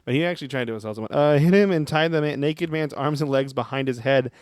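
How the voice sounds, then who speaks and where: A man's voice: medium pitch, fast talker, a little mellow, no echo, studio quality. A young man co-hosting a podcast, chatting casually and joking as he reads out news stories. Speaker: podcast co-host. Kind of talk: casual chat.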